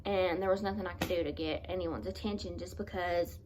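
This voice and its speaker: A woman vlogger telling a personal story in an earnest, halting, confessional way, often restarting her sentences. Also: fairly low pitch, steady tone, background noise.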